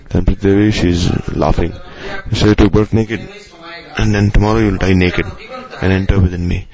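A man preaching a devotional sermon in a measured way, using many Sanskrit and Hindi terms. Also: low voice, fairly even intonation, darkish tone. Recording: slightly dull lo-fi recording.

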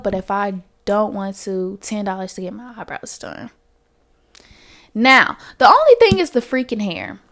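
A young woman talks on her own podcast in a loose, candid chat. She is full of slang and keeps dropping to whispered asides before springing back up loud, and her voice sits at a middle pitch for a woman. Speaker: podcast host. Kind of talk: casual solo podcast chat.

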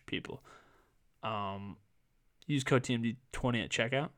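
A man's voice: mid-range voice, steady tone, moderate pace, pauses often, clean tone. Casual young man rambling on a sports podcast. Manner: rambling, filler-heavy, self-correcting. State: voice going hoarse. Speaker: podcast host.

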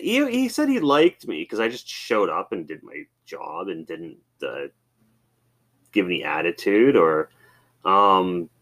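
A man's voice: fairly low pitch, fairly bright tone. A man hosting a podcast, telling loose, rambling stories with swearing and many fillers. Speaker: podcast host. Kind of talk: casual storytelling monologue.

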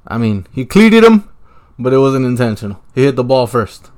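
A man hosting a podcast, casually commentating a football match as he watches it, swearing often and jumping between laid-back talk and excited outbursts into a handheld mic. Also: medium pitch, normal speed. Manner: profane, excitable reactions. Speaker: podcast host.

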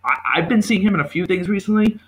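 A man with a slightly high, bright voice co-hosts a casual movie podcast. He talks in an animated way and acts out his own reactions as he goes. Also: fast, a little hiss or hum, poor audio. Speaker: podcast co-host. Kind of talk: casual chat about movies. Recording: home podcast recording.

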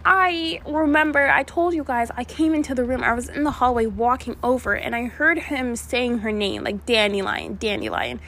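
A woman's voice: high voice, normal speed, few pauses, fairly bright tone. A young woman vlogger telling a rambling storytime to her viewers, with many asides and restarts. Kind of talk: casual storytime chat.

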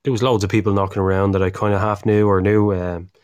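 A lowish Irish male voice in relaxed podcast chat, wandering through anecdotes with fillers and casual swearing. The sound is close and dry with no room at all. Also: quick pace, clear, resonant tone, dry recording. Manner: rambling storyteller, swears freely, many fillers. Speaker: podcast co-host.

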